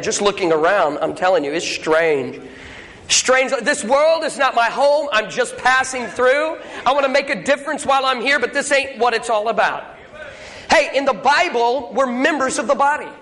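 High-voiced folksy male preacher. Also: sharp tone. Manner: folksy, storytelling. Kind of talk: sermon with joke telling. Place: church sanctuary. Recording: echoey church hall.

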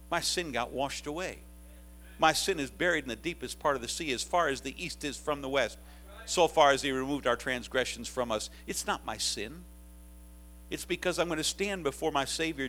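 A man in his fifties preaching a sermon to college students, moving from quiet reflection to loud, urgent pleading. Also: mid-range voice, slight background noise. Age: 50s.

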